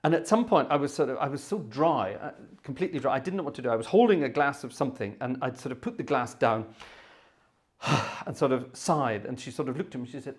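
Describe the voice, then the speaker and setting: A man at a mid pitch tells a long story to a concert audience. His delivery rambles, full of fillers, trailing asides and self-corrections. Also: lively intonation, fast talker. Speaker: concert organist and host. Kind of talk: live storytelling anecdote.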